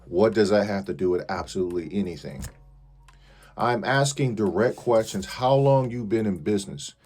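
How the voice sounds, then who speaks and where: A man's voice: fairly low pitch, normal speed, a little mellow, slightly rough. Indignant man airing a grievance. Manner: indignant, repeats pointed questions. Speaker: vlogger. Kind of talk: complaint video to viewers.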